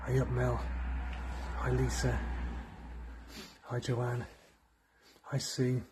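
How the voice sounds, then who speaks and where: A man co-hosting a ghost hunt livestream, talking quietly and greeting viewers one after another inside an old cottage. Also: medium pitch, monotone, very slow, noisy background. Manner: hushed, rattling off greetings to viewers. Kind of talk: casual livestream chat. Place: old abandoned cottage, indoors.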